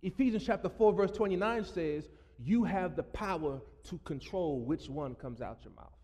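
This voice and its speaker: A man's voice: sits high, normal speed, in a large hall. A man preaching a sermon as pastor, joking with the congregation and breaking into laughing asides. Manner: playful, jokey preaching with bursts of loud laughing asides. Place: church sanctuary.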